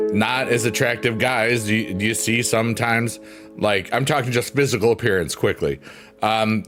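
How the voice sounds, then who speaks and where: A middle-aged man hosting a livestream, chatting casually and reading comments aloud in a goofy, joking way. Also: lowish voice. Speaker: livestream host. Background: soft piano music.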